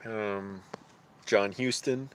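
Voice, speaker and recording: A man streaming live, thinking aloud in casual chat, halting often as he searches for names. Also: lowish voice, steady tone, noisy background.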